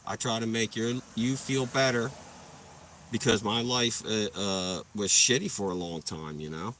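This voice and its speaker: Young dude on a livestream, bright tense voice, kinda far off the mic, swears a ton, rambles hyped. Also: male voice, on the low side, unhurried, a little hiss or hum. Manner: profane, rambling, hyped storytelling. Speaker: livestream host. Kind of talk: casual livestream chat.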